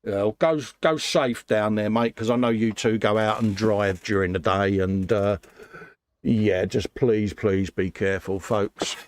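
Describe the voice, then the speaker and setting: A man's voice: fairly low pitch, a little slow. A man hosting a casual livestream chat, greeting viewers and calling them mate. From England. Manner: chatty, warm greetings to viewers, calls people mate. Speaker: livestream host.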